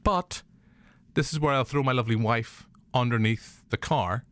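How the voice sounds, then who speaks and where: A man's voice: mid-range voice, moderate pace, a bit bright, no room sound. Jokey, rambling Northern Irish man. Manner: jokey, rambling storyteller who laughs often. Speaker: podcast host. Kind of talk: casual chat.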